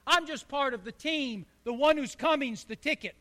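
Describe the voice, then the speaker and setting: A man's voice: very high voice, normal speed, bright, forceful tone, pitched above the performer's own voice. A man voicing a humble male prophet who speaks earnestly and downplays himself. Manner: earnest and self-effacing.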